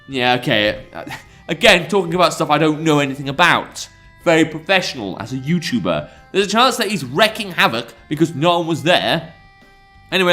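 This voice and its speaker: Jokey man with a lively voice. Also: a little high. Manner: rambling, jokey, self-mocking. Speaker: YouTuber. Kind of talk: let's play commentary and reading.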